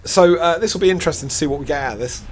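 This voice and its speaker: Playing a space game, a middle-aged gaming channel host delivers rapid-fire, rambling commentary in a voice on the high side, frequently laughing at his own expense. There's a slight hiss or hum on the recording.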